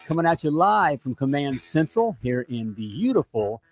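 Energetic American man hosting a podcast. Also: on the high side, normal speed, dry recording, faint music behind. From United States. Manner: energetic, folksy, repeats himself a lot. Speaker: podcast host. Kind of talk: upbeat live show chat.

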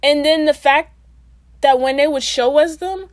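Speaking straight to her viewers, a young woman vlogs casually in a high, unhurried voice with no echo. Her chatty talk to camera is full of slang and fillers.

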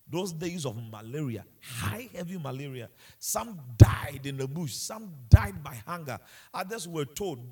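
A man's voice: a little high, sing-song, a little slow, darkish tone, breathy edge. A man preaching a sermon with passion, repeating himself and asking the congregation rhetorical questions. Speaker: pastor.

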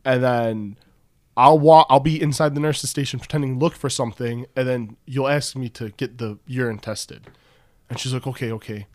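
A young man at a mid pitch tells an animated story on a casual podcast. He fills his speech with "like", and his voice sounds dry and close with no room echo. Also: normal speed. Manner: animated anecdote-telling, heavy use of "like". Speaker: podcast co-host.

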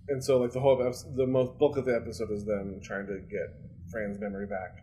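A man's voice: fairly low pitch, flat delivery, fast talker, mellow, slight background noise, rough recording. Rambling, laughing man podcast co-host. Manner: rambling, filler-heavy, swears freely, laughs often. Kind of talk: casual chat recapping a sitcom.

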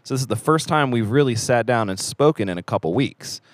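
A young man hosting a church podcast, chatting casually with an energetic, playful manner. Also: mid-range voice, fairly quick, dry recording. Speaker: podcast host. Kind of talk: casual chat. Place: church theater.

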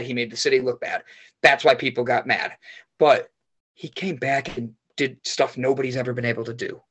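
A man guest on a podcast, telling rambling, animated stories and swearing freely in casual chat. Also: medium pitch, breathy edge.

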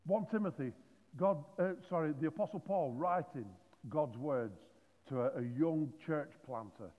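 A man preaching a sermon, animated and joking, with many restarts. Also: on the high side, normal speed. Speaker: pastor. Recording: phone-like audio in a reverberant hall.

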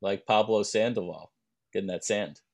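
A young man co-hosting a podcast, telling rambling anecdotes and dropping deadpan jokes in casual chat. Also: on the low side, moderate pace, creaky. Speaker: podcast co-host.

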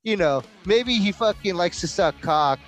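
A man in casual conversation, riffing with crude jokes and quick agreement. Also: sits high, expressive, faint music behind. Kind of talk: casual profane banter.

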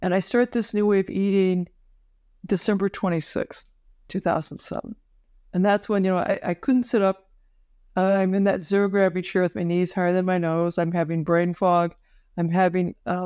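A woman physician telling her personal story as a podcast guest, halting, with many fillers and restarts. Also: lowish voice, a little mellow, clear, resonant tone, no room sound, studio quality. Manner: emotional at moments. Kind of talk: personal story told in an interview.

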